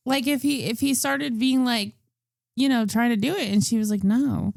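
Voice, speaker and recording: A woman co-hosting a podcast, talking about a movie in casual chat, sarcastic and quick to laugh. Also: on the high side, steady tone, creaky, no room sound, studio quality. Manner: sarcastic, laughs often, swears. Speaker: podcast co-host.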